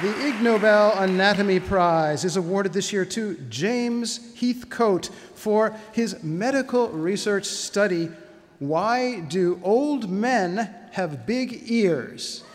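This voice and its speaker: A man announcing award winners at a ceremony in a slow, deliberate, formal manner. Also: high-pitched, some chatter behind. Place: large auditorium stage. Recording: echoey hall with background noise.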